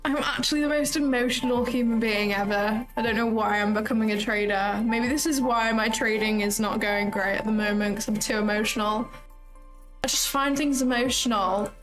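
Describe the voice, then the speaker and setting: A young woman with a fairly high, fairly even voice speaks at normal speed while hosting a trading livestream. She reads viewer comments in a chatty, effusive way, using lots of "like" and "um," as faint music plays.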